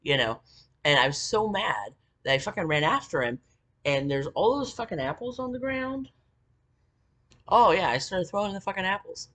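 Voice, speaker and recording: Husky, heated woman telling a story. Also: lowish voice, animated, normal speed, a bit bright. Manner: profane, heated, rambling. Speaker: vlogger. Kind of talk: rambling personal story monologue.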